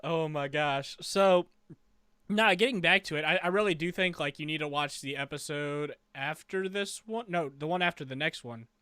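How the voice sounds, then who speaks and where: A man co-hosting a fan review podcast, chatting casually with excitable, quick back-and-forth banter. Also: on the high side, clear, resonant tone, dry recording, studio quality. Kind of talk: casual chat.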